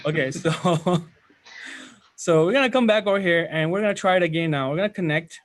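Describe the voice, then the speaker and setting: A man's voice: on the high side, brisk. Rambling casual male IT instructor. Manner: casual, rambling, self-correcting, addresses students directly. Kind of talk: live software training walkthrough.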